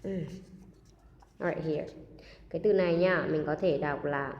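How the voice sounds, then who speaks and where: A woman with a Vietnamese accent, a native Vietnamese speaker, teaching English by reading a children's story with expression and repeating vocabulary slowly for practice. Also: low voice, dull audio, a little hiss or hum. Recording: roomy echo with long reverb.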